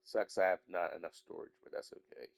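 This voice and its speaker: A man's voice: low voice, expressive, a little fast, gravelly. A young man chatting casually in a rambling way, swearing often and trailing off into mumbles, a little sick with a stuffy nose. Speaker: YouTuber.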